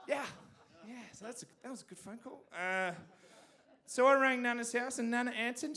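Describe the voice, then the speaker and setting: An Australian man doing stand-up on a theatre stage, telling stories animatedly and punching up the big lines loudly. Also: very high voice, fairly quick. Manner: animated storytelling with sudden loud punchlines. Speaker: stand-up comedian. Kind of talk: stand-up comedy set.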